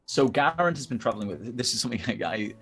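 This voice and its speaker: A man's voice: medium pitch, lively intonation, fast, a bit bright. A man narrating as dungeon master, rambling and hesitant with many fillers. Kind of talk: narrating a tabletop game.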